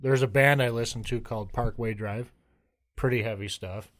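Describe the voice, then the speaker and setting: A man with a plain middle-pitched voice, teasing and ribbing his friends in loose podcast talk. He tells stories in a playful, offhand way. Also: moderate pace, a bit bright. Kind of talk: casual chat.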